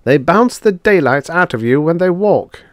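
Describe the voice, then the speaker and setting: A man voices a gruff, excitable male space salvager who complains a lot, in a grumbling mood. The mid-range voice, pitched above the performer's own but close to an everyday voice, moves at normal speed with clean studio sound and no echo.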